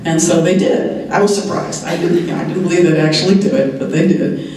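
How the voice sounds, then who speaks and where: A woman in her sixties tells stories on a convention panel as a TV writer, chatting and laughing often, her voice a little hoarse. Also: lowish voice, fairly quick, a little mellow. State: slightly hoarse, clearing her throat. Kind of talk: anecdotal convention talk. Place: large convention hall. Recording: very echoey hall, voice heard from far off.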